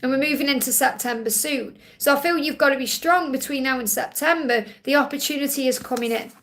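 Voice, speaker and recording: A high-pitched woman with a gravelly edge hosts a live card-reading stream. She reads out viewers' questions, passes on messages and reassures each one, often ending with "okay?". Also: a little fast, fairly bright tone. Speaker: psychic card reader.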